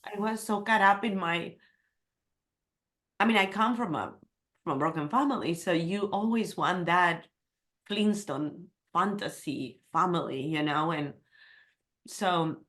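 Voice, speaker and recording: A middle-aged woman speaks as a guest, recounting a personal story with candor and feeling. Her voice sits on the low side for a woman. Her English carries small non-native grammar slips. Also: a little slow, long pauses, fairly bright tone.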